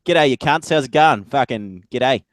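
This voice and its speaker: A man's voice: medium pitch, expressive, normal speed, dry recording, studio quality, pitched above the performer's own voice, lightly acted. A man voicing a crude, foul-mouthed male online troll in a mock Australian accent. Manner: coarse, mocking, swaggering.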